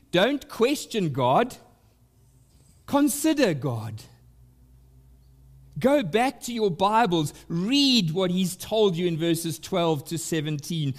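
A man pastor preaching a sermon at a church service, emphatic and deliberate, swinging up in pitch and volume to press his points.

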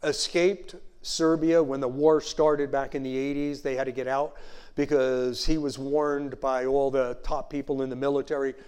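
A male pastor preaching a sermon in a conversational way, full of "you know" asides and slowing down to stress key phrases. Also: medium pitch, flat delivery, a little mellow, clean tone. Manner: slows down to stress scripture phrases.

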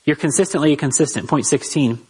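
A man teaching a conversational Bible lesson on parenting, lively and talking straight to his listeners with rhetorical asides. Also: a little high, a little fast, breathy edge, low-quality recording.

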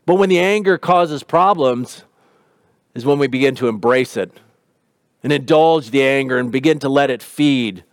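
A man's voice: medium pitch, normal speed, dry recording, clean studio sound. A man preaching a sermon in an earnest, conversational way. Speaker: pastor.

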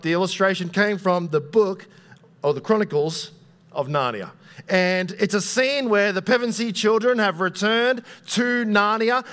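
A man's voice: high voice, fairly bright tone. A young man preaching a sermon in a casual, conversational way, with frequent fillers and self-deprecating asides.

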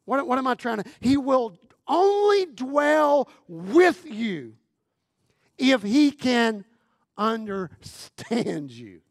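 Slow, gravelly high-voiced preacher man. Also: sing-song, no room sound, clean studio sound. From Texas. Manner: humorous, conversational preaching with repetitions; swings from loud emphatic lines to near-quiet phrases. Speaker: guest pastor. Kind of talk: sermon.

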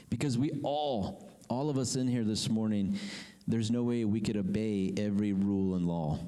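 A man preaching a sermon to a congregation, animated and full of questions to the room. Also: medium pitch, big-room sound. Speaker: pastor.

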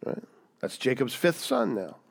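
Animated man preaching a sermon. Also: medium pitch, a little slow, vocal fry. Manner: animated, emphatic preaching with rhetorical questions. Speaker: pastor.

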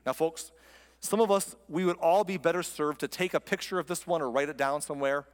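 A man delivers a sermon in a conversational, emphatic style, with a fairly high pitch. He often turns points into rhetorical questions. A long reverb trails his voice through a large hall. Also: expressive, normal speed. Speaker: pastor.

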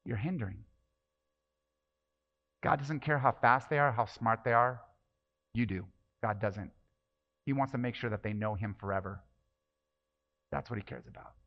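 A man's voice: fairly low pitch, animated, moderate pace, long pauses, muffled recording. A man preaching a sermon as pastor, passionate and emphatic, with many rhetorical questions.

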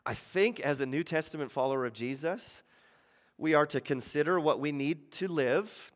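A man in his thirties, a pastor, preaches in a fairly high voice. He talks conversationally, keeps checking in with "right?", and slips into acted-out voices for the people he quotes. His words ring out with a long reverb from the church hall around him. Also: normal speed. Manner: conversational, asks the room "right?" often; acts out quoted voices with sudden shifts in pitch and loudness. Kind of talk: sermon.

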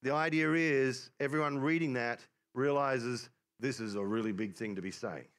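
A man preaching a relaxed, conversational sermon, often restarting and repeating words as he explains. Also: mid-range voice, normal speed.

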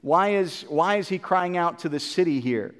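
A man's voice: high-pitched, expressive, normal speed, fairly bright tone, in a large hall. A man preaching a Bible sermon in an earnest, repetitive way, with many fillers and restarts.

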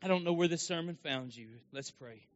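A man's voice: on the high side, fast talker, soft background music. A man preaching a sermon in a church service, telling a story in a conversational way to the congregation. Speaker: pastor. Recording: dull lo-fi sound.

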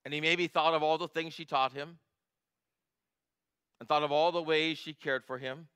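A male pastor preaching a sermon, moving from quiet, reflective storytelling to emphatic, rising passages. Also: fairly high pitch, steady tone, normal speed, smooth. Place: church.

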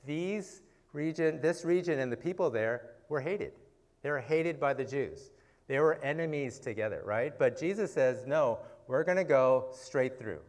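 A man's voice: on the high side, animated, normal speed, a little mellow. A man preaching in a casual, conversational Bible-teaching style, often checking in with "okay" and "right?" and asking rhetorical questions.

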